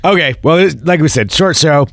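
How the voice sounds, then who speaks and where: A man's voice: fairly high pitch, brisk, no echo. A man co-hosting a radio show, chatting casually in playful, goofy banter. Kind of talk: casual chat.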